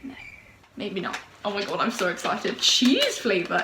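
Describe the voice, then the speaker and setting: Chatty young woman vlogging at home, a bit high voice, echoey room with faint hiss. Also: animated, normal speed. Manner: bubbly, gushing and chatty. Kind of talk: casual vlog chat. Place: bedroom at home. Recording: roomy home recording with faint noise.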